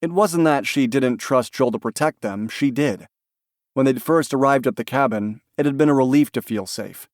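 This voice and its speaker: A man reading a novel aloud as an audiobook narrator, in a calm, even storytelling manner. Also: medium pitch, moderate pace, no room sound, studio quality. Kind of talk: scripted narration.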